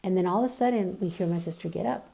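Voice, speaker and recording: A woman's voice: lowish voice, fast talker, creaky, dark tone. A young woman vlogger casually telling a personal story, rambling with lots of "like" and "you know".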